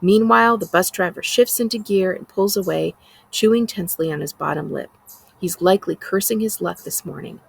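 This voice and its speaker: A woman, a school librarian, reading a novel aloud in a steady, plain storytelling manner. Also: lowish voice, brisk, vocal fry, slightly rough, poor audio.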